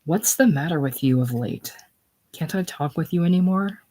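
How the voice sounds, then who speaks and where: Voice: mid-range voice, expressive, moderate pace, a little mellow, close to an everyday voice. A reader doing a curt, irritated husband. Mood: resentful. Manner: curt, resentful. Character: irritated middle-aged businessman husband. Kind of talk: audiobook character reading.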